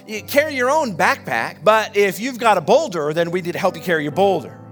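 A man preaching a sermon as pastor, building animated emphasis as he goes. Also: high-pitched, brisk, soft background music. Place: church.

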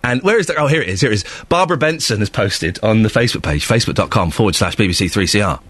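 Animated, husky radio presenter. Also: male voice, fairly low pitch, racing, no echo. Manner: chatty, animated, muttering asides. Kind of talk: breakfast radio talk.

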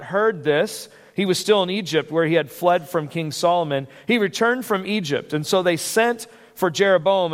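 A male pastor preaching a sermon in a conversational, animated way, with frequent restarts and asides. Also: high-pitched. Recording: long hall reverb.

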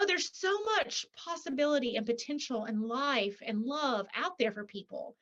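A woman author, a guest in an interview, talking in a lively way and acting out quoted voices, with many rhetorical "right?"s. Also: a little high, normal speed, few pauses, lo-fi sound. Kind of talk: animated interview talk.

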